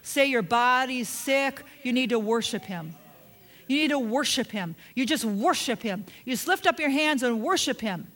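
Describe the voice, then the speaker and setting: A woman's voice: fairly high pitch, animated, moderate pace, a bit bright. A middle-aged woman preaching a sermon, emphatic, repeating key phrases and asking the congregation direct questions.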